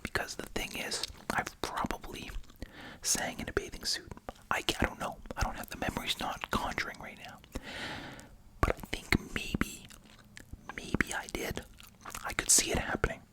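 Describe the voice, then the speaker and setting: An ASMR host whispering a chatty, wry commentary while chewing gum, full of asides and rhetorical questions. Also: moderate pace.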